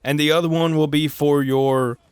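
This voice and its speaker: A man's voice: fairly high pitch, fairly even intonation, moderate pace, clear, resonant tone, dry recording. Rambling, self-mocking gaming vlogger man. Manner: joking, self-mocking, sidetracked asides; stumbles and restarts often. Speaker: gaming video creator. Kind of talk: rambling solo gaming commentary.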